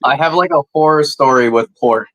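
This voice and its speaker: A man's voice: on the high side, a little fast, fairly bright tone, lo-fi sound. A man on a comedy podcast, telling stories in a laid-back way with casual swearing. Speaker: podcast co-host.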